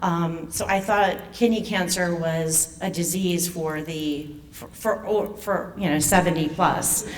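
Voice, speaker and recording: Casting: woman in her 50s, lowish voice, nervous and halting, picked up from afar in a hall. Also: fairly even intonation. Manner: nervous and emotional, halting with restarts. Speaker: foundation president and patient speaker. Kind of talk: personal story told to an audience. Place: event venue. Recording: distant mic with faint room noise.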